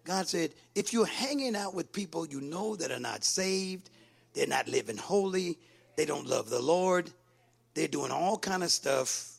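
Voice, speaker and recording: A man preaching a sermon, calling out to the congregation and rising from quiet talk to sing-song shouting. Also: a little high, animated, measured pace, vocal fry, breathy edge. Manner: call-and-response with congregation.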